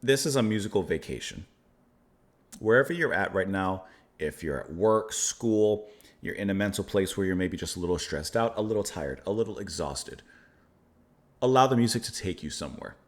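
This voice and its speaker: A man's voice: deep voice, animated. A man hosting a music reaction channel, speaking casually and thoughtfully, sometimes stumbling over unfamiliar names. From United States. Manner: reads lyrics aloud slowly.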